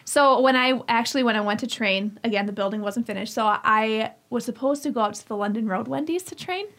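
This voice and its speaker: A woman telling work stories in a relaxed, chatty conversation. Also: a little high, a little fast. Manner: chatty storytelling with laughs. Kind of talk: casual chat.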